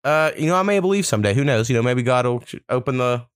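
A man's voice: mid-range voice, lively intonation, quick pace, smooth, no echo, clean studio sound. Profane, rambling male podcast host. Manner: loose, profane storytelling with many fillers. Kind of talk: casual podcast chat.

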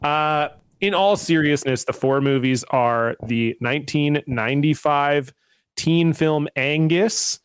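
A man's voice: fairly high pitch, slow pace, smooth, no room sound. A man co-hosting a podcast, talking in a joking, rambling way and swearing casually. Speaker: podcast co-host. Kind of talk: casual chat.

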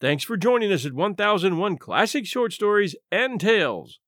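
A man's voice: high voice, very animated, fairly bright tone, no echo, studio quality. A man narrating a classic short story as host of a story podcast. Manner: measured storytelling.

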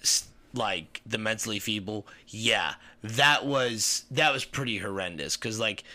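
A man's voice: lowish voice, measured pace, pushed and bright. A man co-hosting a podcast, rambling in casual chat, swearing a lot and laughing at his own jokes. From German heritage. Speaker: podcast co-host.

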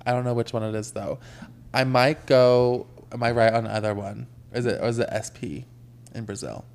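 A man's voice: medium pitch, vocal fry, darkish tone. A young man with a mid-range voice talks loosely on a podcast. He rambles, backtracks and laughs often, in easy casual chat. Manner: chatty, rambling, quick to laugh. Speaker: podcast co-host.

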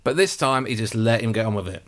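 A rapid-fire man in casual football talk. He tells stories with plenty of energy. His pitch leaps up whenever he acts out what someone said. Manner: animated storyteller, jumps up in pitch for quotes. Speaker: football podcast host. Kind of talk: casual chat.

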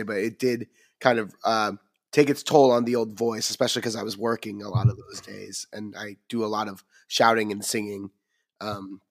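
A man co-hosting a film podcast, his voice a bit raspy and tired from a cold, rambling with lots of ums and restarts. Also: on the low side. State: recovering from a cold. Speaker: podcast co-host. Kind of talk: casual chat.

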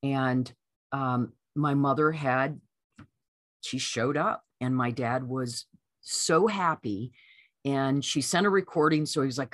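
A woman being interviewed as an author, telling a personal story in a lively way and acting out what people said. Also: rumbling low, a little slow, no echo, studio quality. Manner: lively storyteller who acts out quoted voices. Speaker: author guest.

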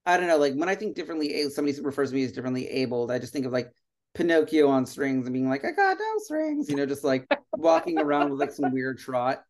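A man's voice: medium pitch, fairly even intonation, fast, darkish tone. Sardonic, rambling male podcast guest. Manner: sardonic, rambling, swears, filler-heavy. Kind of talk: casual podcast chat.

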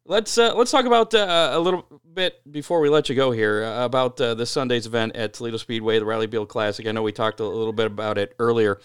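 A man's voice: medium pitch, fast, hardly any pauses, clear, resonant tone, no room sound, clean studio sound. A man hosting a racing podcast, asking questions casually with lots of fillers. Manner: relaxed, filler-heavy questions. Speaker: podcast host. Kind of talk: casual interview.

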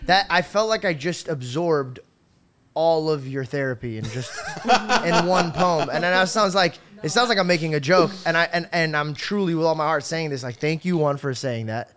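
Effusive man with a higher voice. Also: normal speed. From grew up in a Middle Eastern culture. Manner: excitable, effusive, swears casually. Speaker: podcast host. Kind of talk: casual chat.

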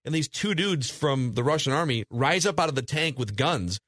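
A man hosts a relaxed film-review podcast, walking through scenes with loose, rambling energy. His voice sits a bit high for a man. The sound is dry and close, with no room around it. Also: moderate pace, dry recording. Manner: animated storyteller, recounting scenes with hedging fillers. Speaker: podcast co-host. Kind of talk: casual movie review chat.

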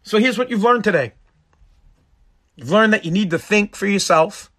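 A man hosts his own podcast from home, ranting in a loose, profane monologue. His voice is bright and forward, sitting a little higher than most men's. He sounds exasperated. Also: moderate pace. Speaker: podcast host. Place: home, streaming live.

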